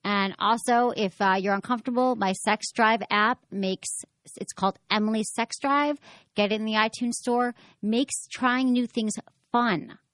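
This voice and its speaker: A woman hosts a sex advice show, talking frankly and chattily and slipping into the voices of people she quotes. Her voice sits a little high. The studio sound is dry and close. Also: steady tone, a little slow, fairly bright tone, dry recording. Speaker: sex advice podcast host. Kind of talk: casual frank chat.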